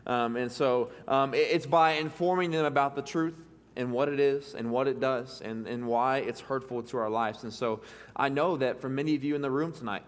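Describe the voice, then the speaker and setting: A man's voice: medium pitch, normal speed. A young man with a Texan accent preaching a sermon in a church, chatty and self-deprecating, full of ums and restarts. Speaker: pastor. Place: church hall. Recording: long reverb of a church hall.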